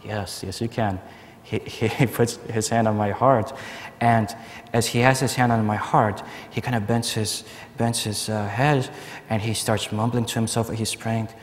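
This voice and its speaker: A man giving a personal testimony at a conference, telling his story in a lively way and laughing often. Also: lowish voice, a little slow. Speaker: conference speaker. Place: large conference hall. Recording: long hall reverb, faint noise.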